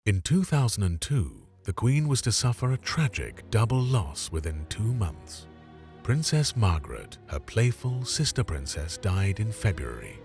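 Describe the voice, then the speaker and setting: A man doing scripted documentary narration in a measured, expressive way. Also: lowish voice.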